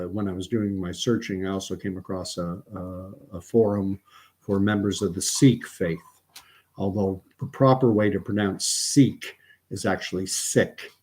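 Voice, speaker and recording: A Canadian man hosting a late-night livestream from home, reading his written thoughts aloud in an unhurried way, with frequent fillers and restarts. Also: low voice, a little mellow. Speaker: channel host.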